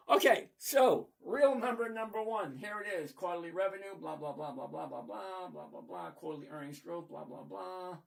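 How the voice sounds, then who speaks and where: A man's voice: high voice, creaky. A middle-aged man hosting a trading channel, giving blunt, sarcastic stock commentary and talking to viewers by name. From lives in Florida. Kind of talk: casual stock commentary over a screen share.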